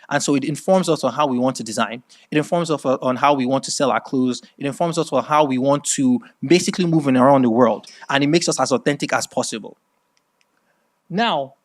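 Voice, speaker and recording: A middle-aged Nigerian man with a Nigerian accent and a mid-range voice gives a masterclass lecture. He delivers it as animated storytelling and often checks in with "right?".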